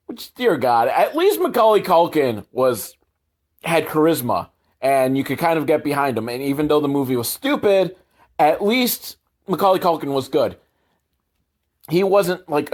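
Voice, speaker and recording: A man host sarcastically recapping a movie, swearing a lot and mocking the characters in put-on voices. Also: fairly high pitch. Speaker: comedy podcast host.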